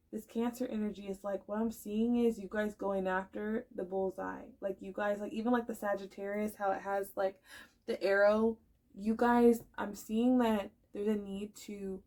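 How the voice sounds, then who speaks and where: A woman's voice: mid-range voice, vocal fry, darkish tone. Chatty, emphatic woman reading tarot. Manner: chatty, emphatic, full of "like" and "y'all"; emotional and encouraging. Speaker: tarot reader. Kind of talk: casual pick-a-card tarot reading.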